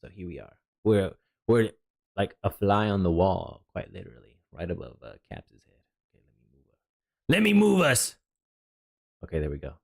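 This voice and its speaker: A jet-lagged male streamer giving relaxed, rambling reaction commentary with chatty asides. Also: deep voice, a little fast, creaky, long pauses. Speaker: streamer reviewing a developer stream.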